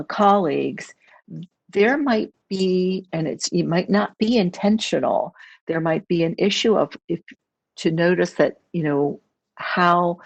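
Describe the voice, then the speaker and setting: Woman, low voice, public speaking trainer, measured instructive webinar talk, dry close sound. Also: gravelly, darkish tone, no echo. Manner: measured, instructive, repeats key phrases. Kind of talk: webinar presentation. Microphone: video call.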